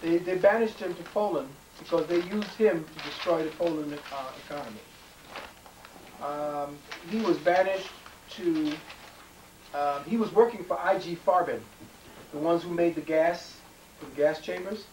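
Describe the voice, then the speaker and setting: A man's voice: on the high side, normal speed, a little mellow. A man giving a rambling conspiracy talk, emphatic, with frequent ums and repeated words. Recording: echoey room, mic far off, faint noise.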